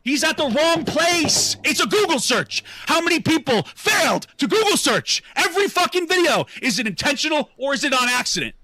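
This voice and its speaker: A man's voice: extremely high pitch, sing-song, normal speed, few pauses, bright, forceful tone. Ranting, profane male streamer. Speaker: livestreamer. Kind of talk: angry live commentary.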